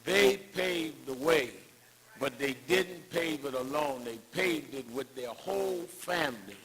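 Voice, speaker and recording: A man's voice: medium pitch, slow, gravelly, a bit bright, breathy edge, rough recording. An older man giving a rousing tribute speech at an event, building emphatic, preacher-like cadences around anecdotes. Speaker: speaker at a civil rights tribute.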